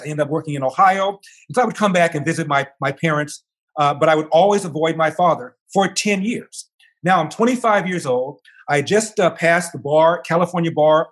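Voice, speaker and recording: An older man talking as an interview guest, telling a long personal story in an animated way and acting out the voices of the people in it. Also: a little high.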